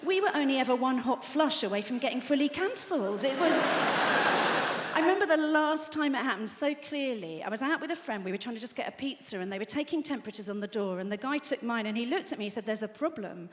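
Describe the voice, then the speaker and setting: A fifty-year-old woman doing stand-up on a big theatre stage, her voice pitched high and wry as she mocks herself. The sound is echoey with a long hall reverb, and loud laughter rolls in behind her. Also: expressive, quick pace, slight background noise. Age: 50s. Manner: dry, self-mocking delivery. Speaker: stand-up comedian. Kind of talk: stand-up set. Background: audience laughter.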